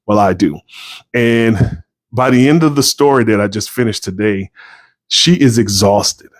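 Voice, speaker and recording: A man's voice: on the low side, measured pace, no room sound. A man, a novelist, chatting casually to viewers on a livestream, rambling and tired.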